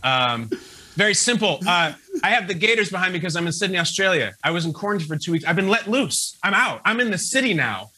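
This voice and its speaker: Man co-host, bright sharp voice, animated and jokey, kinda high. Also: quick pace, husky. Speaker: morning show co-host. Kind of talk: casual chat.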